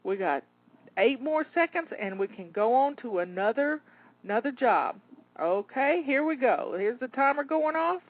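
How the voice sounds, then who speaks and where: A woman's voice: high-pitched, expressive, normal speed, slight background noise. Encouraging woman coaching over a tinny line. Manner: upbeat, encouraging, talks listener through tasks. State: slightly out of breath. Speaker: home organizing coach. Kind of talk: live timed cleaning coaching. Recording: tinny phone-like line, dry.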